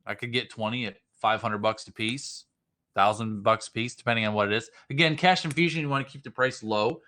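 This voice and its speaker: Brief: bright-voiced male business coach, livestream, emphatic and repetitive. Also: mid-range voice, fairly quick. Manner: emphatic, repeats points, restarts. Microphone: livestream mic.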